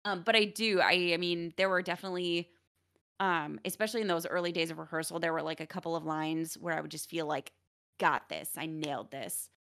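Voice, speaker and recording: Woman, young adult, casual stream chat, gravelly, bright tone, lively. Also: lowish voice, fast talker. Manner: chatty, laughs often, lively.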